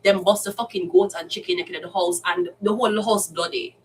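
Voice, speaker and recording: Speaking fairly fast in a lowish, steady voice, a tarot reader with a Jamaican accent launches into a casual, heated rant thick with cursing. The recording is distant and carries faint background noise.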